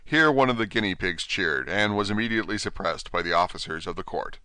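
A man narrating a storybook in an expressive, animated way on a close mic. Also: low voice, a little fast, smooth, no echo. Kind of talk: storybook reading.

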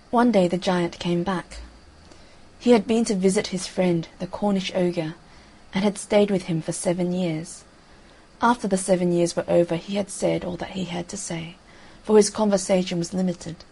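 A woman narrating a fairy tale audiobook in a calm, measured storytelling manner. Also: lowish voice, creaky, slightly rough, poor audio.

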